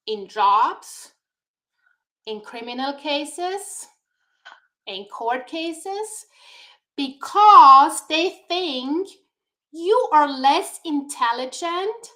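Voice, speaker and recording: A woman guest on a talk show, speaking in a deliberate, encouraging way over a video call. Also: high-pitched, pushed and bright. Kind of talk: motivational talk-show chat.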